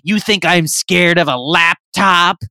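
A man voicing a fanged, shape-shifting politician monster who speaks in a low, slow, boastful growl. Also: bright, forceful tone, clear, resonant tone, dry recording, clean studio sound, full character voice.

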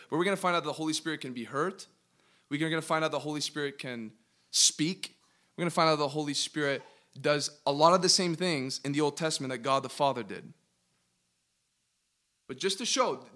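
A man teaching a Bible study as a pastor, emphatic, asking his listeners questions and slowing down to stress key words. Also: on the high side, pushed and bright. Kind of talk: interactive sermon teaching.

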